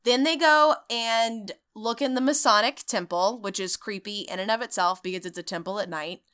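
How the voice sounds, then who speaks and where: A woman hosting a podcast, recapping a ghost-hunting show in an animated, sarcastic way and swearing freely. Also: mid-range voice, normal speed, clean tone. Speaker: podcast host. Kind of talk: comedic storytelling recap.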